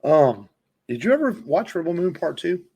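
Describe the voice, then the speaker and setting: A man's voice: on the high side, big pitch swings, moderate pace, vocal fry, dark tone, slightly rough, lo-fi sound. A man co-hosting a podcast, chatting casually about films in a rambling way, with lots of fillers and restarts. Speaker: podcast co-host. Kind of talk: casual film chat.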